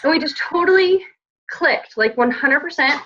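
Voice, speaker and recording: On a group call, a woman coach tells her team about a weekend, gushing and heartfelt, with "like" everywhere. It's emotional, casual sharing. Her voice sits high and sounds pushed and bright at normal speed, over dull lo-fi call audio.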